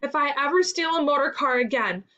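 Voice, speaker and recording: Woman reading a cocky, excitable toad in a storybook, fairly high, dull lo-fi sound. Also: a little fast. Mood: panicked. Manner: excitable and self-admiring. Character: boastful, reckless male toad. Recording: dull lo-fi recording.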